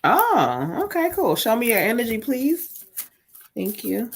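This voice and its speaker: A woman hosting a live psychic reading stream, talking quickly between laughs while her voice is getting hoarse. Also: fairly high pitch, very animated, a little hiss or hum. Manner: quick, busy, lots of laughing asides. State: voice going hoarse. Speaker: host and psychic reader.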